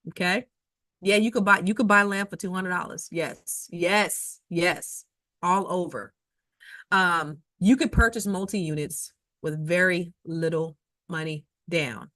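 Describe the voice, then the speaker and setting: A woman real estate investor giving advice in an emphatic, conversational way, telling personal stories and often repeating herself with quick asides. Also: fairly low pitch, bright, forceful tone, dry recording, studio quality. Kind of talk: advice talk with personal anecdotes.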